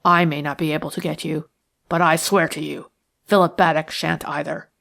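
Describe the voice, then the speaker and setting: A woman reading the lines of a rough, jealous man who threatens and boasts in a harsh, coarse manner. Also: fairly even intonation, normal speed, a bit bright. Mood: menacing. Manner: sullen, menacing, low-voiced. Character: rough jealous male schemer, bitter and threatening. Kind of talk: audiobook character reading.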